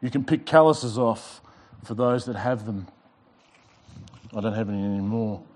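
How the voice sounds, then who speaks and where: A male pastor preaching a sermon to a church congregation. He swings between loud emphasis and quiet passages, with light joking asides. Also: lowish voice, normal speed. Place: church service before a congregation.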